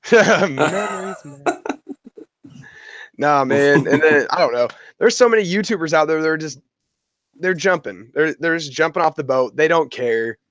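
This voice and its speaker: Rambling man, slightly high, dry sound. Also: measured pace, dry recording, muffled recording. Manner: relaxed, rambling, filler-heavy. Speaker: podcast host. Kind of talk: casual chat.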